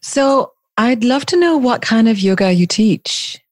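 A woman hosting a podcast interview, asking curious questions in a warm, friendly manner. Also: a little high, animated, measured pace, no room sound, studio quality. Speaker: podcast host.

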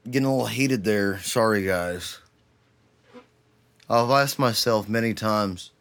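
A young man from Texas hosting a solo podcast, ranting with heavy swearing and then sinking into a tired, low murmur. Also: measured pace, pauses often, fairly bright tone. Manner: profane, heated ranting that cools to a weary murmur. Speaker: podcast host.

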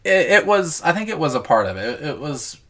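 A man's voice: a little high, big pitch swings, fairly quick, fairly bright tone, slight background noise. A man co-hosting a podcast in casual chat, hesitant with many fillers and restarts, swearing freely. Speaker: podcast co-host.

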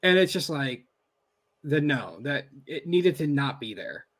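A man's voice: fairly high pitch, sing-song, a little slow, a bit bright. Man chatting casually on a podcast. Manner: thinks aloud with frequent restarts. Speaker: podcast co-host. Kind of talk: casual chat.

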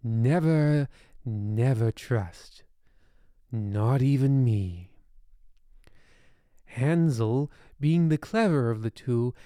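A man narrating a comic bedtime story in a deadpan, rambling way with ominous asides. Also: medium pitch, clear, resonant tone, dry recording, studio quality.

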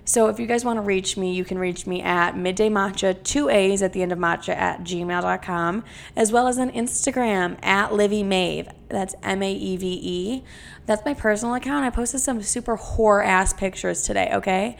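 A young woman hosts a solo podcast, talking in loose, casual chat with a constant stream of swearing. Her voice has a gravelly, creaky fry, and her pitch sits in an ordinary middle range for a woman. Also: moderate pace. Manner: brash, heavily profane, chatty and animated. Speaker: podcast host.

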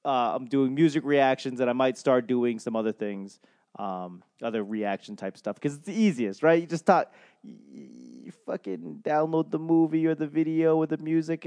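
A man's voice: a little high, a little mellow. A man hosting a comedy podcast in a casual, rambling monologue, self-deprecating and swearing freely as he loses his train of thought. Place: home in Albuquerque.

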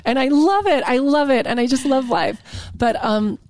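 A woman's voice: high voice, animated, normal speed, darkish tone. A woman talking casually and emotionally as a podcast guest, gushing and rambling with many restarts and fillers.

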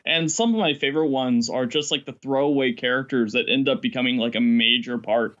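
A man's voice: medium pitch, fairly quick. Chatty man with a muffled sound. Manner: rambling, animated storytelling with frequent laughs. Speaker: guest, game master. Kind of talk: casual podcast chat.

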